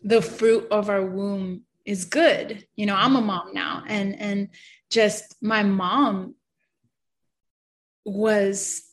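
A woman's voice: medium pitch, steady tone, extremely slow. A woman in her thirties sharing an emotional faith testimony in an earnest, heartfelt way, full of fillers.

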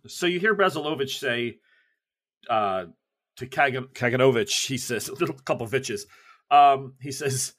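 A man narrating a tabletop game as game master, in casual, halting speech. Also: mid-range voice, lively intonation, fairly bright tone.

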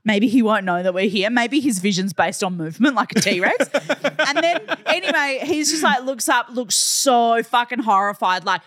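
A woman's voice: a little high, normal speed, no echo, studio quality. A woman co-hosting a podcast, telling stories with lots of laughter. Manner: laughing, animated storyteller. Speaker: podcast co-host. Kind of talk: casual podcast chat. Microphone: studio mic.

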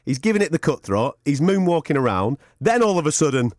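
A man co-hosting a podcast, excitedly retelling events in casual chat, often breaking into shouts and laughter. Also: on the high side, brisk. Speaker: podcast co-host.

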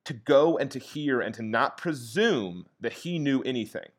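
A man's voice: medium pitch, moderate pace. Man retelling a story casually. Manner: animated retelling with frequent "like" and "okay?" check-ins.

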